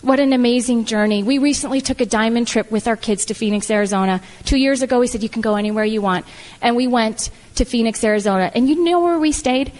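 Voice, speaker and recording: A middle-aged woman giving a heartfelt, animated motivational speech to an audience. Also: fairly high pitch, quick pace. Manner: heartfelt, animated, repetitive "I love" phrasing. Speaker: speaker at a business event. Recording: reverberant hall.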